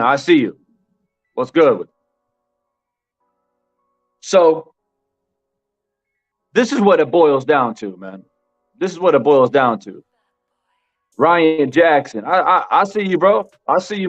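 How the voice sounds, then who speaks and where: A boxing commentary channel host talks emphatically to his live-stream chat, repeating his points and saying "bro" constantly. His slightly high, expressive voice moves at a measured pace with frequent pauses, on a dull lo-fi recording with faint music.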